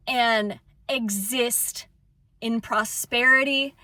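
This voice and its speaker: A young woman in an impassioned personal monologue, swearing fiercely, swinging between shouting and hushed calm. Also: a little high, slow pace, dry recording, studio quality. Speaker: spiritual vlogger.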